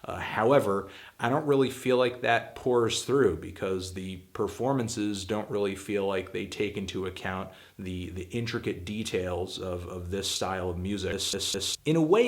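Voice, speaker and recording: A man's voice: fairly low pitch, moderate pace. A man hosting his own show, giving a casual spoken album review, blunt and full of hedging fillers, getting emphatic and exasperated at times. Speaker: music critic and show host.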